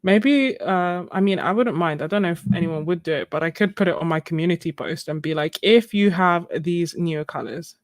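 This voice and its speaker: A young woman with a lowish voice talks casually to her viewers while she paints, answering their comments and laughing often. The sound is dry and close, with no room around it. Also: fairly quick, few pauses, no echo. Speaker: live-stream art host. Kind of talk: casual chat while painting on a live stream.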